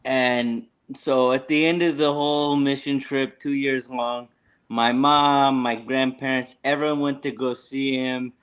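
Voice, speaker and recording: An American man hosting a casual chat, telling stories in a crude, animated way. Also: mid-range voice, a little slow, smooth. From United States. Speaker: host.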